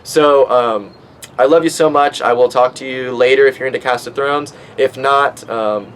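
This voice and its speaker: A man's voice: mid-range voice, moderate pace, slight background noise, rough recording. A man in his twenties hosting a podcast, rambling casually with lots of swearing and fillers, stoned. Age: 20s. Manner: profane, rambling, with many fillers. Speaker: podcast host.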